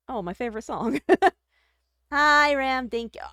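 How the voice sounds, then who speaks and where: A woman live-streamer with a slightly high voice talks casually to her chat. She jokes at her own expense, laughs a lot and swears freely. The sound is dry and close, with no room around it. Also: measured pace, long pauses, sharp tone, clear, resonant tone, no room sound. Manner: self-deprecating, laughs often, swears casually.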